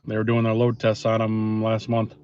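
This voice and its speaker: A man chatting casually with viewers on a live stream, relaxed and rambling, with many pauses and fillers, recorded on a phone outdoors. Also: on the low side. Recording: dull lo-fi phone audio, faint noise.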